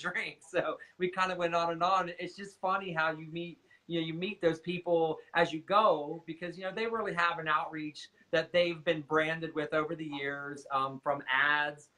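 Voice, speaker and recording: A man's voice: fairly high pitch, sharp tone, low-quality recording. A man telling stories in a casual interview as a guest nail technician, chatty, repeating words and acting out what others said.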